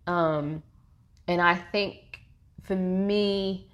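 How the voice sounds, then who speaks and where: A woman, a therapist talking openly as a podcast guest, animated and laughing often. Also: fairly low pitch, extremely slow, muffled recording. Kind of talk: casual podcast interview.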